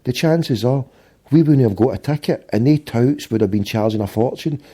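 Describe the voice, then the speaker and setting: A man's voice: medium pitch, normal speed, dark tone, slightly rough. A middle-aged Scottish man telling a long, rambling anecdote in casual podcast chat, swearing freely and acting out the quotes. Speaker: podcast host.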